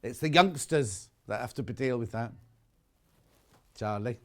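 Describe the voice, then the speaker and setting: A man's voice: mid-range voice, a little slow, a bit bright. A man presenting live shopping television, chatting and bantering with his co-workers. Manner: chatty, bantering, chuckling asides.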